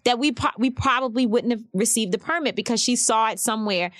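A woman's voice: quick pace, few pauses, dry recording, clean studio sound. A woman who organizes marches, talking candidly in an interview and acting out quoted voices as she tells stories. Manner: animated storytelling, acts out quotes with rising pitch.

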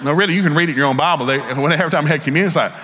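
A man's voice: on the high side, very fast, sharp tone. Man, Southern accent, middle-aged, preacher, folksy storytelling sermon, long reverb, faint background noise. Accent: Southern American. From Southern United States. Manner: folksy, candid, acts out voices in his stories.

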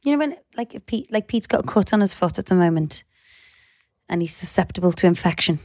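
A woman's voice: lowish voice, expressive, a little fast, a little mellow, no room sound, clean studio sound. A woman in her thirties with a Liverpool accent, co-hosting a podcast in a chatty, teasing way, full of "you know" and "like". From Liverpool, England. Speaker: podcast co-host. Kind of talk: casual chat.

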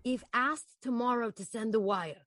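A woman voicing a controlling male con man, reading the scene in a flat, pushy way during a casual read-through. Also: on the high side, normal speed, no room sound, studio quality, close to an everyday voice.

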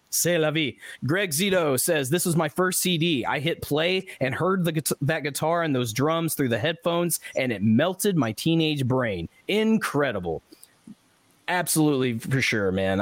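A man hosting a podcast, casually reading listener comments aloud with animated asides and frequent laughs. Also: a little high, no echo. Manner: animated, laughs often, restarts sentences. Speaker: podcast host.

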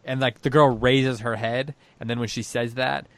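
A man's voice: medium pitch, steady tone, moderate pace, no room sound. A man co-hosting a book discussion podcast, reflecting aloud and reading passages from a story. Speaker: podcast co-host.

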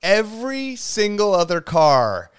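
A man hosting a podcast in casual chat, an animated storyteller who acts out quotes loudly and laughs often. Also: high-pitched, unhurried, clear, resonant tone. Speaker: podcast host.

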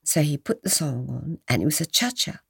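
An older woman from England, a guest telling stories of her past in a gently animated, reminiscing way. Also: low voice, fairly quick, vocal fry, husky, no echo, clean studio sound. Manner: reminiscing, gently animated, dips into soft whispers. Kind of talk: storytelling in an interview.

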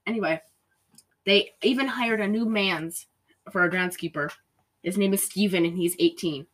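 A woman's voice: mid-range voice, moderate pace. A young woman co-hosting a casual podcast, retelling a film's plot in a chatty way, saying "like" constantly. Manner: chatty, heavy use of "like", mimics characters while retelling. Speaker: podcast co-host recapping a film. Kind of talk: casual chat.

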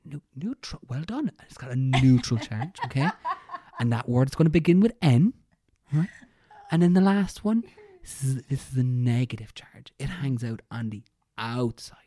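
A woman voicing an overhelpful female exam invigilator in a whispered role-play, dropping hints in a loud stage whisper. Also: very deep voice, fast, slight background noise. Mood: coaxing.

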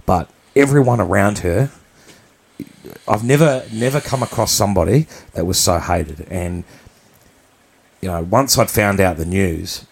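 A man's voice: sits low, unhurried, gravelly, a little hiss or hum. A man from New Zealand, co-hosting a podcast, telling a personal story in a candid, blunt, rambling way. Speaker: podcast co-host.

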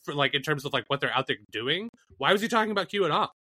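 A man's voice: a little high, lively intonation, racing, pushed and bright, no echo. A man co-hosting a comedic podcast, joking around and laughing often. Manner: jokey, laughs a lot, mock-outraged. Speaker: podcast co-host. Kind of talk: casual comedic chat.

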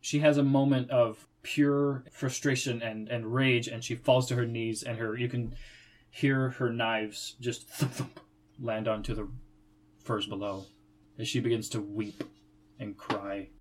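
A man narrating a tabletop game as game master in calm, descriptive sentences. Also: medium pitch, measured pace, poor audio.

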